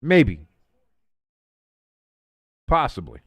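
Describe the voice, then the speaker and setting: Animated, joking male game commentator. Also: mid-range voice, extremely slow, breathy edge, no echo. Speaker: livestream host doing play-by-play. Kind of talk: casual play-by-play commentary.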